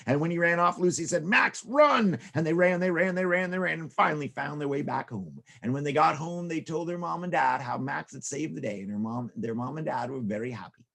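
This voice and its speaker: A man telling silly stories to children, very expressive, with repetition and sound effects. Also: fairly high pitch, fairly quick, creaky, few pauses. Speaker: children's storyteller. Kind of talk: animated storytelling for children.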